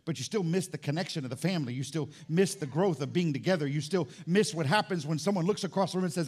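A male pastor preaching a sermon in a church, impassioned, swinging from low and intimate to loud and fervent. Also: quick pace, few pauses, slightly rough. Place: church sanctuary.

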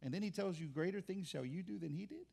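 A man's voice: high voice, quick pace, vocal fry, a little mellow, husky. A pastor preaching a sermon in an impassioned, conversational way, often restarting his words.

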